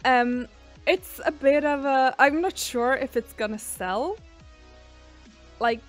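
A woman's voice: high-pitched, slow pace, faint music behind. A woman streamer, casually chatting and reading out viewer messages. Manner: chatty, reads out viewer messages and answers them. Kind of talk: casual live-stream chat.

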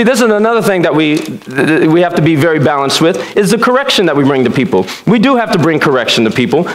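Lively, high-pitched pastor in an echoey church. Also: male voice. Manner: animated, joking storyteller. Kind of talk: sermon. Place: church sanctuary.

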